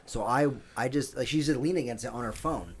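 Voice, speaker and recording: Fast-talking man telling a rambling story. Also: mid-range voice. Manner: rambling storyteller, laughs often. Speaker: podcast co-host. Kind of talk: casual comedy podcast chat. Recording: faint noise, home studio.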